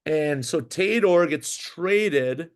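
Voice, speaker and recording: A man in casual interview talk, telling a rambling career story with many restarts and "um"s. His voice sits a little high for a man, and he tumbles from one point to the next in an animated way. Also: takes it slowly, smooth. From Minnesota. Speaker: podcast guest, former pro goalie.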